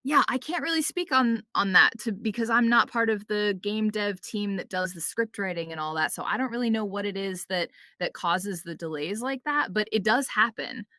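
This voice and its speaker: Bright-voiced chatty woman voice actor. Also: medium pitch, animated, dry recording, studio quality. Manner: chatty, quick anecdotes with playful quoted asides; frequent fillers like "like" and "um". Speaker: video game voice actor, podcast guest. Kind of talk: casual podcast interview.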